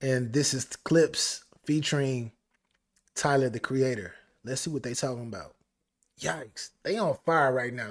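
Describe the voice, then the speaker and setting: A man hosting a live album reaction stream, talking excitedly and repeating phrases. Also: medium pitch, measured pace. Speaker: music reaction host.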